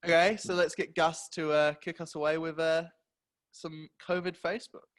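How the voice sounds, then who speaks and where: A man's voice: a little high, flat delivery, moderate pace, a bit bright. A young man, co-hosting a casual podcast, joking while he introduces the segments. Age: young adult. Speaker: podcast co-host. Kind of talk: casual chat.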